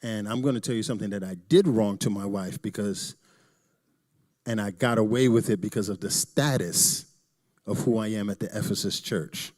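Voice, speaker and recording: A man's voice: lowish voice, moderate pace. Frank middle-aged man giving a church talk. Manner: frank, joking, swings between loud emphasis and quiet asides. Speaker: church presenter. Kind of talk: candid talk to a church audience.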